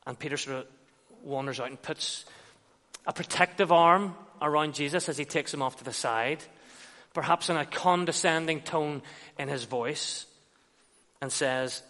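A man's voice: medium pitch, normal speed, fairly bright tone. A man preaching an expository sermon, retelling scenes and acting out quoted dialogue. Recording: long reverb of a large hall.

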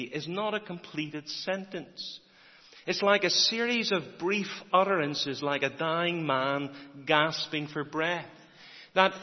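Preacher in a reverberant hall. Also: male voice, on the high side. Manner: measured preaching with dramatic pauses and repeated refrains. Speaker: pastor. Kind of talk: sermon. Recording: dull lo-fi recording with long hall reverb.

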